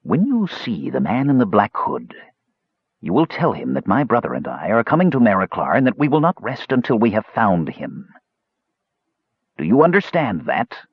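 A man voicing a frail young male mage who talks in a soft, whispering, cool way. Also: lowish voice, huge pitch swings, normal speed, breathy edge, no echo, dull audio, full character voice. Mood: menacing.

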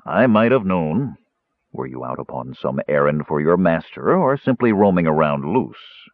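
Man playing a stern mage, measured authoritative speech, low voice, dry phone-like sound. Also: sing-song, no echo, heavily acted. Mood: scolding. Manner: cool, deliberate, authoritative.

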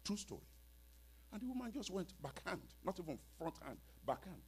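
A male preacher telling stories in a sermon, dramatic and swinging between hushed and loud. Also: high voice, very animated, a little fast, breathy edge. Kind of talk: storytelling sermon.

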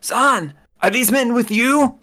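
A man's voice: very high-pitched, slow, sharp tone, voice pushed up, full character voice. A man voicing a frightened old man who apologizes over and over, in a tabletop game. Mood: questioning. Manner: flustered, apologetic.

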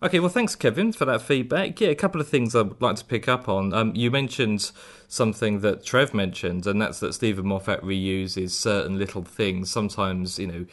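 A man hosting a podcast, speaking in a dry, wry and measured way. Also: on the low side, a bit bright. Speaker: podcast host. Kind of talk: casual podcast chat.

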